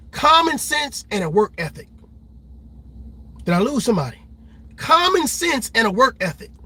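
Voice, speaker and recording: Man, passionate reaction commentary, high voice, husky edge. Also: sharp tone. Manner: passionate, preachy, acts out quoted voices. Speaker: commentary host.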